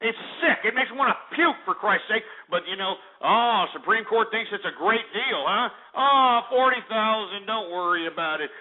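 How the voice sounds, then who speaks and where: A man's voice: high-pitched, normal speed, hardly any pauses, phone-quality sound. A male radio talk show host ranting at callers in a profane, combative way. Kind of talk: call-in talk radio rant.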